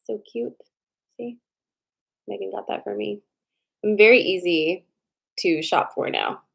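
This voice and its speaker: A young woman talks casually to viewers on a live stream, greeting people by name. She slows down to repeat each choice before she pulls cards. Her voice sits at an ordinary middle pitch. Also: gravelly, fairly bright tone, rough recording. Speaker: livestream host doing card readings. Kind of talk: casual livestream chat.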